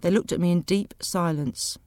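A woman reading a storybook aloud in a clear, measured, expressive way. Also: fairly low pitch, no echo, studio quality. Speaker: audiobook reader. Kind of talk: scripted narration of a graded reader.

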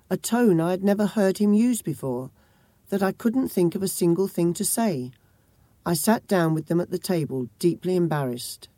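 A woman reading a first-person memoir-style story in a measured, grave manner. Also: lowish voice, warm tone, no echo. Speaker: audiobook narrator. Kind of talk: first-person audiobook narration.

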